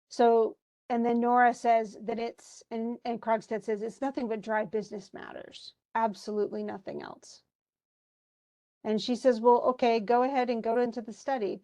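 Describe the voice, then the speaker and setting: A woman's voice: a little high, darkish tone. A woman teaching a live online class, talking through a play in a chatty way with lots of asides. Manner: chatty, explains with asides and restarts.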